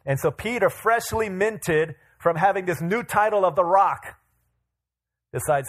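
A male pastor reading a scripture passage aloud and then explaining it in a relaxed, conversational sermon, voicing the characters' quotes with expression. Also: sits high, slow, long pauses.

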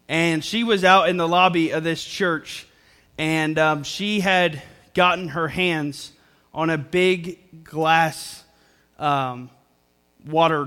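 A man's voice: on the high side, a bit bright. A young man preaching a sermon to a congregation in church, earnest and repeating phrases for emphasis. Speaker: pastor. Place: church service before a congregation.

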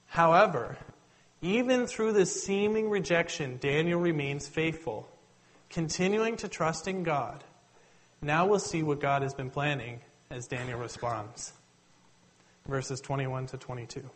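A man preaching a sermon, retelling the story in a conversational, animated way and addressing listeners directly. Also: a little high, measured pace, rough recording.

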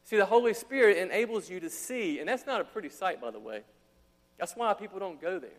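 Man, pastor, sermon, high voice, animated, casual slang asides, long hall reverb. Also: brisk.

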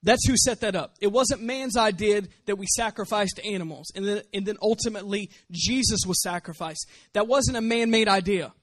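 High-voiced emphatic preacher man. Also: normal speed, few pauses, fairly bright tone, no room sound. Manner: emphatic, repeats rhetorical questions. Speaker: pastor. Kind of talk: sermon.

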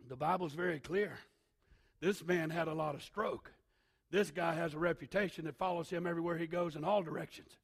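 A male pastor preaching a sermon, emphatic, swinging from shouted lines to hushed asides. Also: on the high side, a little fast, gravelly, slightly rough.

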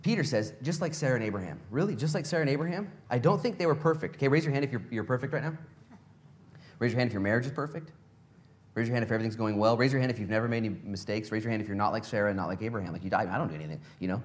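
A man's voice: on the low side, racing. A male pastor preaching a sermon in a casual, conversational way, full of rhetorical questions.

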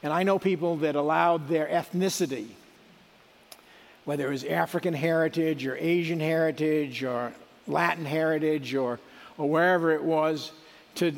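A man's voice: fairly high pitch, moderate pace, gravelly, big-room sound. A middle-aged man giving a sermon in a conversational, folksy way, with asides and restarts. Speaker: preacher.

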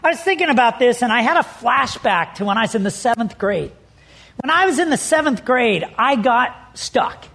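A man's voice: extremely high pitch, animated, normal speed, vocal fry, fairly bright tone. A middle-aged man preaching a sermon as pastor, telling stories with animation and leaning hard on key words.

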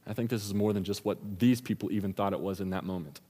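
A man's voice: on the low side, fast talker, warm tone, slightly rough. A man preaching a sermon, retelling the scripture story in a casual, slangy storytelling manner. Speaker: pastor. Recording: long reverb of a large hall.

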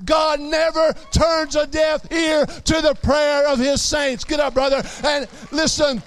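A man preaching with a high, bright voice, shouting each phrase and repeating lines for emphasis. He speaks unhurriedly, leaning hard into every point of the sermon. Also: little pitch movement, a little slow.

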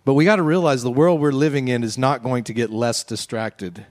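A man preaching a conversational sermon, then leading the congregation in a slow, quiet breathing prayer. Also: mid-range voice, steady tone. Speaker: pastor.

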